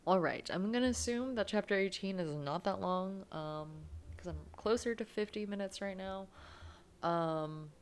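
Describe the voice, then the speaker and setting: A woman's voice: mid-range voice, measured pace. A woman playing through a visual novel and chatting casually, rambling with lots of "you know"s. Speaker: let's play streamer. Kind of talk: casual game commentary.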